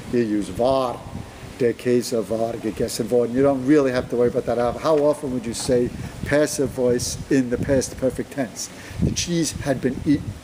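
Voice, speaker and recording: A man teaching German grammar, slow and deliberate, his voice rising when he stresses a point. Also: mid-range voice, mellow, a little hiss or hum, poor audio. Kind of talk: explaining grammar to camera.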